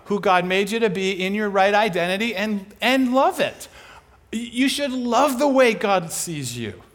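Male preacher, higher-pitched than average, lively intonation, casual sermon delivery full of rhetorical questions. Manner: animated, conversational, rhetorical questions.

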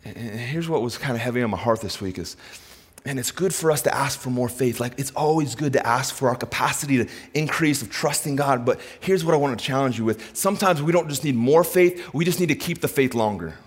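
Man, pastor, impassioned sermon, loud then hushed, long hall reverb. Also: medium pitch, brisk, husky. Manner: impassioned, swings from loud preaching to hushed asides.

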